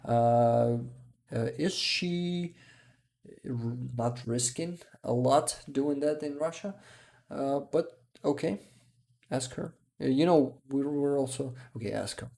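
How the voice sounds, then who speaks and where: A tired man hosts a casual livestream, answering chat in a slow, unhurried way. His voice is dark and gravelly, and his talk is halting, full of restarts and soft chuckles. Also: medium pitch. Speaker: livestream host. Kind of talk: casual livestream chat, reading viewer comments.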